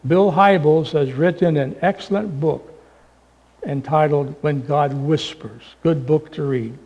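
A man preaching a sermon, swinging from loud, emphatic points down to a hushed near-whisper. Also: fairly high pitch, a little slow, gravelly, husky, dull audio. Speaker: pastor.

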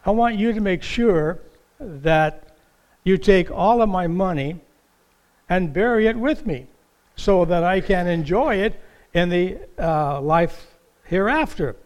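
A man's voice: high-pitched, lively intonation, slow, poor audio. A male preacher voicing a dying, greedy old miser who earnestly pleads with his wife. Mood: pleading.

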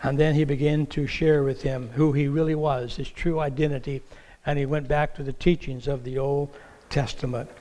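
A man's voice: mid-range voice, level tone, moderate pace, warm tone, big-room sound. A man preaching an Easter sermon from a church stage, telling stories animatedly and acting out the voices in the quotes he tells. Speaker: pastor. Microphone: stage microphone with monitor.

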